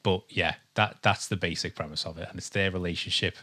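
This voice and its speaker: Fairly quick, bright, and forceful, a low male voice keeps fairly even intonation. He's an English podcast co-host chatting casually at home with a dog nearby, rambling with plenty of ums and restarts.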